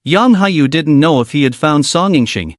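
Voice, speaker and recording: A man narrates a story recap in a steady reading voice that sits a little high. His pitch moves expressively, and the recording is dry and close. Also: normal speed, no room sound.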